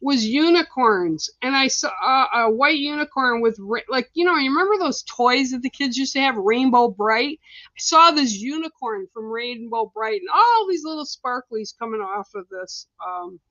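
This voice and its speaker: A woman's voice: high voice, lively intonation, normal speed, a bit bright, no room sound, highs cut off. Blunt, chatty middle-aged woman reader. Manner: blunt, chatty, laughs often. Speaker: psychic card reader, show host. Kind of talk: casual livestream reading.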